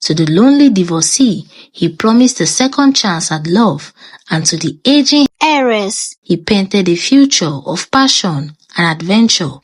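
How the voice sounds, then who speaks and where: A woman's voice: mid-range voice, expressive, unhurried. Nigerian woman narrating a story, really sing-songy voice, lots of ups and downs. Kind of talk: scripted narration.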